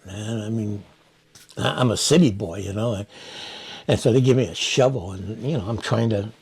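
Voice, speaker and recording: A man's voice: fairly low pitch, normal speed, a little mellow, slightly rough. A man in his seventies from San Francisco, telling war stories in a rambling, casual interview full of restarts. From San Francisco, United States. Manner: rambling, many restarts and "you know". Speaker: Vietnam veteran interviewee.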